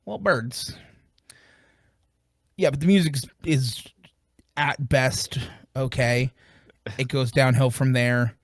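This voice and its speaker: A man's voice: mid-range voice, steady tone, slow pace, long pauses, dry recording, studio quality. Joking man co-hosting a music podcast. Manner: joking, rambling, many fillers. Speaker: podcast co-host. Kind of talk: casual music review chat.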